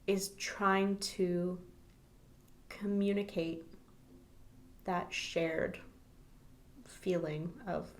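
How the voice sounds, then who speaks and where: A woman's voice: fairly low pitch, creaky, slight background noise. A woman co-hosting a podcast, talking casually about a book and laughing often. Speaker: podcast co-host.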